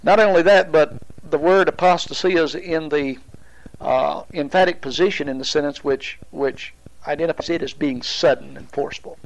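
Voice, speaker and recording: A man teaching a Bible study, explaining at a deliberate pace with pauses and restarts. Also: fairly high pitch, gravelly, rough recording.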